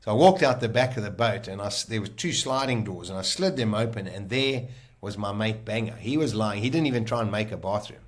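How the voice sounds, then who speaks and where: A man, a guest on a podcast, telling a personal story in a vivid, animated way and acting out the lines people said. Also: on the low side, brisk.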